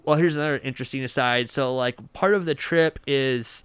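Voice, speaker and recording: A man from Michigan, a podcast guest, telling rambling, animated stories and acting out the people in them. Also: medium pitch, a little fast, clear, resonant tone, dry recording. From Michigan, USA. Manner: rambling, animated, acts out other people's voices. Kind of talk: casual storytelling interview.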